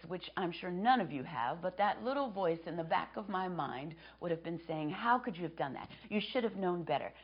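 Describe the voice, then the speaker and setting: A woman in her fifties giving a sermon as a guest preacher in a church, speaking softly and reflectively and dropping to a whisper on key phrases. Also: lowish voice, slightly rough. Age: 50s. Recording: dull lo-fi sermon recording.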